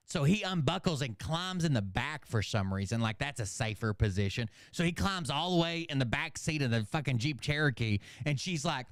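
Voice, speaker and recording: A man casually recapping a movie in a profane, animated rant, acting out the characters with sudden shouts. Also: medium pitch, brisk, few pauses, dry recording, clean studio sound. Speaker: channel host.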